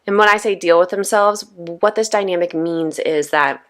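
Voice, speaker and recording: A woman's voice: fairly low pitch, normal speed. A woman in her thirties hosting a podcast, talking casually and conversationally with lots of asides to her listeners. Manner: chatty, conversational, frequent "right?" and "you know". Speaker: podcast host.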